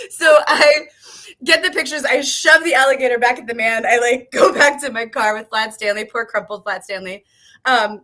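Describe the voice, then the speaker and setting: A woman's voice: fairly high pitch, sharp tone. A woman in her thirties, an author telling a story on a video call, laughing often and swearing as she acts out quotes. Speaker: author guest. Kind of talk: animated storytelling chat.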